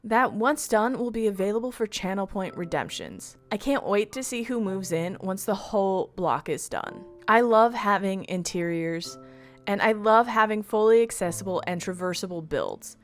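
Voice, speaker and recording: A woman's voice: mid-range voice, normal speed, soft background music. A woman streamer reading an upbeat scripted voice-over recap of her game week.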